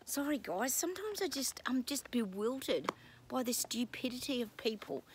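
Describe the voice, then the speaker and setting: A woman's voice: fairly high pitch, big pitch swings, normal speed, background noise. A woman psychic talking in a casual vlog from home, rambling and exasperated, breaking off with apologetic asides. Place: at home with her dogs.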